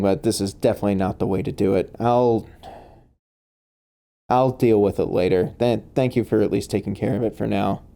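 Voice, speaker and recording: A man's voice: lowish voice, vocal fry, dark tone. Man voicing a weary, kindly orphanage keeper. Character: kindly older woman who runs an orphanage.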